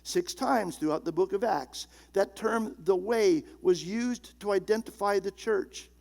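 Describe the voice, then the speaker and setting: A man preaching with a high voice and a gravelly edge. He is emphatic, slowing down and sinking low and quiet to stress key words. He speaks as a pastor in the middle of a sermon.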